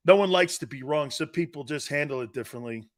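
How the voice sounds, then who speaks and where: A man hosting a sports talk show, ranting loosely and acting out his own stories with brash, animated energy. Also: a little high, fast talker. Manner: brash, animated storyteller, acts out dialogue. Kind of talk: loose sports radio rant.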